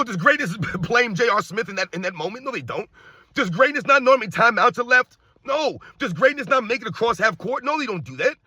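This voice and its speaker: A man with a high, bright, sharp voice rants about sports, firing off repeated rhetorical questions and now and then raising his voice to a shout. The sound is dry and close, with no room around it. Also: breathy edge, no echo. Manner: emphatic, repetitive rhetorical questions; addresses viewers as guys, occasional shouting. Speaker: sports commentary host. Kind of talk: ranting sports commentary.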